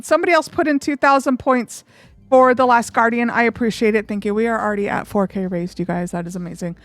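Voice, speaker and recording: Chatty woman streamer, higher voice, dry sound. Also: steady tone, quick pace, no room sound. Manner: chatty and rambling, filled with 'like'; open and emotional. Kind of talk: casual live-stream chat.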